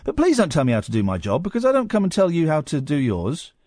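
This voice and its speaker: A radio host runs a late-night phone-in in a dry, sarcastic way, snapping back when a caller pushes him. His fairly high voice rises and falls a great deal. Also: wildly swooping pitch, quick pace, a little mellow, dry recording.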